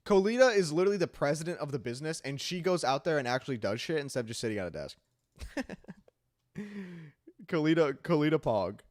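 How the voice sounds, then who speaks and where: A man's voice: a little high, lively intonation, fast, pauses often, darkish tone. A young man chatting casually on a live stream as he edits his video, laughing often, swearing and teasing himself when he slips up. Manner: laughs often, swears, flustered and self-mocking.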